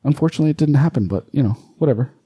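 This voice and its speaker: A man's voice: medium pitch, expressive, racing, dark tone, slightly rough, no echo, studio quality. A man co-hosting a casual podcast who swears freely and explains things in a rambling way. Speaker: podcast co-host.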